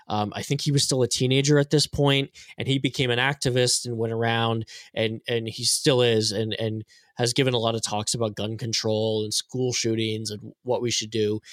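A man's voice: mid-range voice, a bit bright, no room sound, clean studio sound. A man in a casual political podcast chat, talking bluntly with exasperation. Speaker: podcast panelist.

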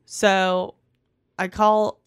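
A woman telling a long personal story in casual podcast chat, profane and animated, full of likes. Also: medium pitch, extremely slow, clean tone, no echo, studio quality.

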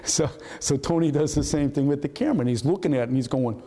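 A man's voice: fairly high pitch, fast talker, few pauses. An older man, telling anecdotes from his career to an audience and acting out the voices of people in them. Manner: animated, acts out voices of people in his story. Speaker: retired FBI agent telling stories. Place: hall at a historical society talk. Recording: long reverb of a hall.

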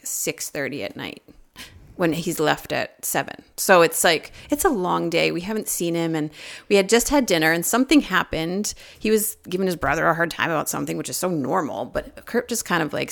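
A woman in her forties telling a personal story in casual podcast chat, rambling and animated, laughing often. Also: fairly low pitch, gravelly. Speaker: podcast regular.

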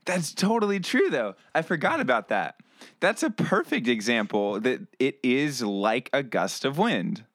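A man's voice: medium pitch, sing-song, unhurried, fairly bright tone, no echo. A man co-hosting a podcast, chatting casually and animatedly, often laughing and restarting his sentences. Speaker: podcast co-host. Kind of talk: casual chat.

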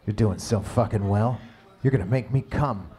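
A man playing a gentle male lover who murmurs reassurance in a soft hush. The voice sits very deep and dark, and it stays close and calm for an amateur audio story. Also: normal speed, natural voice. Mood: soothing. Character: tender, encouraging adult male lover. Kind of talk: amateur erotic audio reading.

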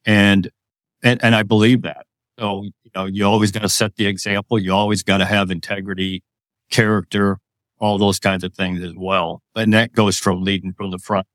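A man's voice: on the low side, level tone, moderate pace, a bit bright, no room sound. Plainspoken older man, dry sound. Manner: plainspoken, firm, tells leadership anecdotes. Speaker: guest, retired army officer. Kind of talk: interview storytelling.

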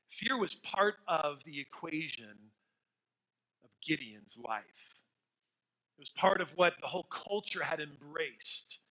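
A middle-aged man preaching a sermon as pastor, telling stories in an animated way with fillers and dropping to quiet emphasis. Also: a little high, rough recording.

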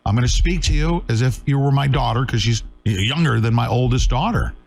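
A man's voice: medium pitch, animated, fairly quick, vocal fry, a little mellow. A middle-aged man hosting a live talk show, talking urgently and emphatically, scolding his viewers.

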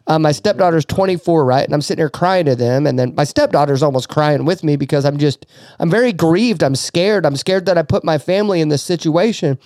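A man's voice: fairly high pitch, lively intonation, a little fast, a little mellow, no echo, clean studio sound. Earnest man telling a faith story. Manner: earnest, emotional storytelling with many restarts. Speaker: podcast host. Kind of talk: casual faith talk.

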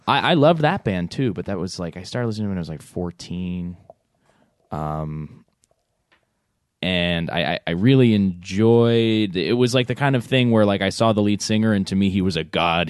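A man's voice: no room sound, clean studio sound. A young man chatting casually on a podcast, telling stories with a lot of energy and mimicking people in a raised voice. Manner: animated storyteller, mimics his mom in a higher voice. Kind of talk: casual chat.

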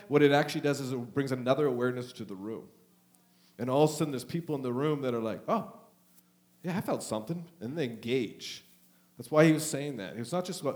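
A man preaching a charismatic Pentecostal sermon in a church, emotional and swinging between loud urging and soft, hushed talk. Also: mid-range voice. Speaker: pastor.

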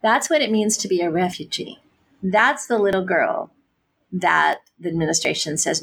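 A woman's voice: fairly low pitch, moderate pace, creaky, a bit bright, slightly rough. A woman pastor answering interview questions, speaking earnestly and with passion, often adding "you know" and "right?".

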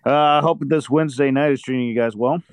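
A male caller on a talk show with a smooth, clear voice. He rambles and keeps restarting his sentences. His voice sounds dry and close. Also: medium pitch, steady tone, fast, no room sound.

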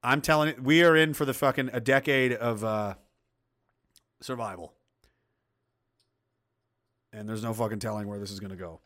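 A man's voice: medium pitch, steady tone, normal speed, pauses often, a bit bright. A man hosting a livestream, ranting in crude, mocking, blunt commentary and reading out viewer comments. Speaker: livestream host reading chat.

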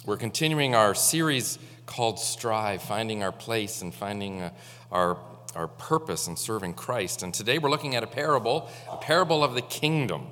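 A man's voice: lowish voice, a bit bright. Man preaching in a reverberant church. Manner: halting, with frequent fillers. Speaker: pastor. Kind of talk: sermon.

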